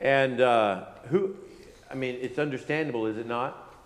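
A man teaching verse by verse from the Bible. He reads King James passages aloud, then explains them plainly, with unhurried pauses and "uh" fillers. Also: mid-range voice, big-room sound.

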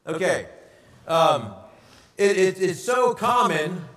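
A pastor preaching a sermon, animated and asking the congregation rhetorical questions. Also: male voice, sits high, takes it slowly, echoey room, distant mic.

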